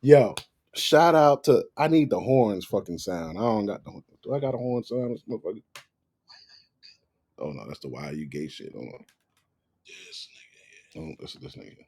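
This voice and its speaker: A man hosting a reaction video, giving loud, profane, mocking commentary. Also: fairly low pitch, very animated, moderate pace, pauses often.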